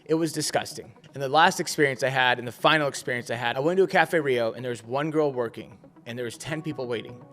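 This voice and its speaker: Guy ranting about bad service, emphatic, mid pitch, faint music behind. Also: fast, few pauses, fairly bright tone. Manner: indignant, emphatic. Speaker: restaurant reviewer. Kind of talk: storytelling commentary.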